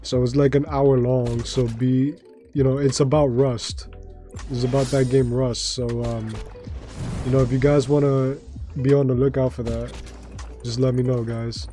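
A man with a slightly raspy voice, chatting casually with his viewers while streaming a game, rambling with lots of fillers and restarts. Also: mid-range voice, flat delivery, a little slow, dark tone. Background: faint background music.

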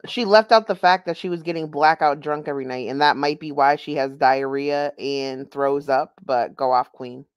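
A woman's voice: low-pitched, moderate pace, hardly any pauses, clear, resonant tone, no echo, studio quality. A woman giving casual, sarcastic and amused reaction commentary on a stream.

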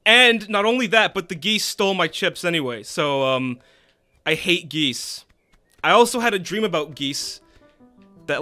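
A man with a high, bright voice that stays sharp even when he mutters. He does excitable, unscripted game commentary, yelling and swearing at the characters, then wanders into rambling anecdotes full of restarts. Faint music plays behind him. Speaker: game streamer. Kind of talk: casual gameplay commentary.

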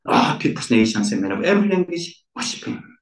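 A man's voice: fairly high pitch, big pitch swings, brisk. A man preaching a sermon as pastor, emphatic, repeating key words with rising stress. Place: church centre. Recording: echoey room, voice from far off.

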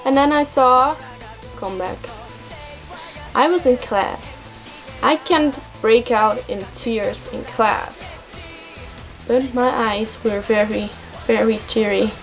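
A young woman vlogging as an excited K-pop fan, gushing and repeating words for emphasis. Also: on the high side, takes it slowly, long pauses. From Netherlands. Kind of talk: excited casual vlog. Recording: faint music behind voice.

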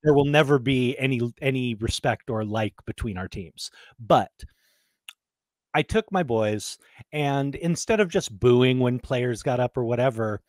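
A man co-hosting a casual podcast chat, talking at a middle pitch in an emphatic, storytelling way. The sound is dry and close, with no room around it. He builds his points with plain conversational force. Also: measured pace, dry recording. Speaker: podcast co-host.

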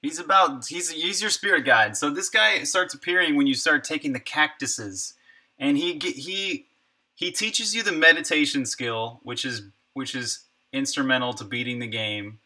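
A man's voice: a little high, normal speed, sharp tone. A man streaming his game development work, chatting casually and thinking aloud, often trailing off and muttering numbers to himself. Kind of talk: casual livestream chat while working.

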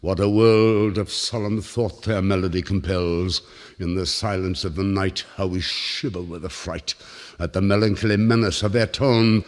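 A man giving a dramatic poetry recitation, theatrical, swinging between loud cries and hushed low passages. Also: fairly even intonation, moderate pace. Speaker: reader of poetry. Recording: old record with long reverb.

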